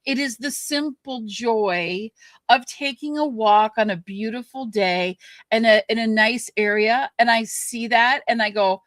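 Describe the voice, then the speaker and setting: A woman co-hosting a podcast, ranting with frustration and many halting restarts. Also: fairly high pitch, fairly bright tone, dry recording. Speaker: podcast co-host. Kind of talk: candid podcast conversation.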